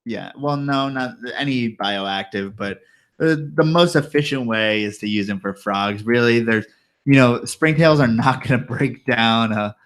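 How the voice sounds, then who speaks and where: A man's voice: medium pitch, a little slow, a bit bright, clean tone. A man hosting a reptile podcast in casual chat, joking and swearing freely. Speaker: podcast host.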